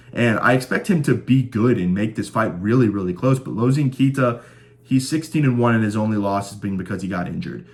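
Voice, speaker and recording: A man hosting a casual fight-predictions show, talking enthusiastically and rattling off stats as he makes his picks. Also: lowish voice. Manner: chatty, stat-heavy, enthusiastic. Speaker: host of a fight-predictions channel.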